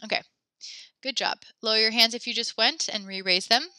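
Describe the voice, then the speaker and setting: A young woman teaching French in an online class speaks in a bright, clear voice. She sounds friendly and encouraging, chatting through instructions with plenty of fillers. Her computer mic gives a close, dry sound. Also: on the high side, normal speed, no echo. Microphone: computer mic in a video class.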